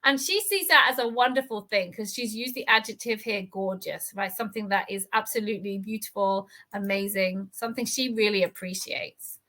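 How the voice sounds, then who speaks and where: A woman teaching English, reading an article aloud and explaining its words slowly and carefully. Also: mid-range voice, bright, forceful tone.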